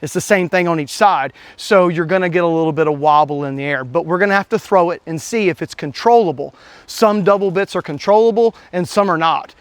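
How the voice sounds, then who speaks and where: Channel host, man, chatty and folksy product reviewer, slightly raised pitch. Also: fairly quick, no room sound. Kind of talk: casual hands-on product review.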